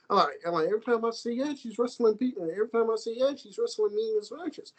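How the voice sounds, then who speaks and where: Husky american guy ranting on a wrestling podcast, swears a ton, repeats himself. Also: sits high, racing, a little mellow, poor audio. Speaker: podcast co-host. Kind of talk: casual wrestling podcast chat.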